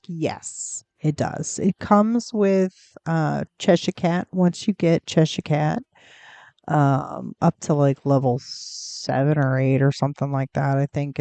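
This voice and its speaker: Slow, gravelly cozy game streamer. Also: mid-range voice, warm tone, dry recording. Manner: rambling and chatty, full of fillers, coos at in-game pets. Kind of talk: casual gameplay commentary.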